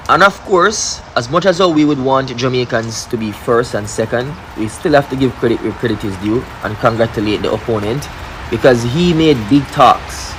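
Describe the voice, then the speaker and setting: A man giving explanatory sports commentary in a measured, step-by-step way. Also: mid-range voice, sharp tone, slight background noise, low-quality recording.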